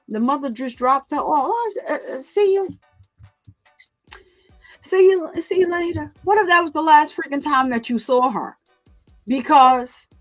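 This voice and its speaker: Animated woman talking to her viewers. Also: a little high. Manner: animated, repeats phrases, laughs often. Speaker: commentary channel host. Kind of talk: casual commentary to viewers.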